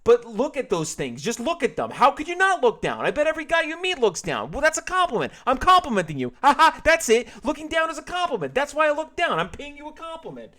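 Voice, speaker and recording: A man's voice: very high-pitched, huge pitch swings, fast, few pauses, sharp tone, pitched above the performer's own voice, exaggerated voice. A man reading aloud and voicing a flustered, defensive middle-aged man who was caught ogling, protesting in a whiny, indignant tone. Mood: desperate.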